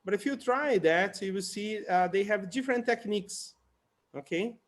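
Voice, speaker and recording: A man with a notably high speaking voice runs a relaxed English conversation class on a video call. He chats and laughs easily and repeats new words over and over for his students. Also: normal speed. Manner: chatty, laughing, repeats words to teach them. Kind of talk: casual online conversation class.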